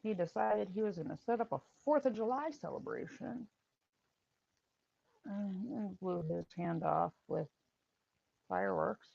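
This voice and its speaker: A middle-aged woman, a former paramedic and firearms instructor, hosting a casual live stream, telling stories with animated repetition and answering chat. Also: mid-range voice, unhurried, creaky, long pauses, husky, no room sound, dull audio. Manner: animated storytelling, repeats phrases, answers chat.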